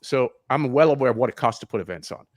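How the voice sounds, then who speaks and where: A man's voice: medium pitch, lively intonation, fast talker, no room sound, studio quality. A man who coaches triathlon swimming, giving frank advice in a casual live interview over a video call, with many restarts.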